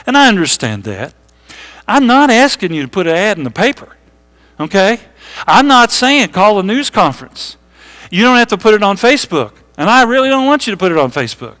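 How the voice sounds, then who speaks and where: A man preaching a sermon to his congregation in a church, talking to them directly, asking them questions and slowing down to read scripture. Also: on the high side, fairly bright tone. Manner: conversational preaching, reads scripture slowly, asks congregation questions. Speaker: pastor. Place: church sanctuary.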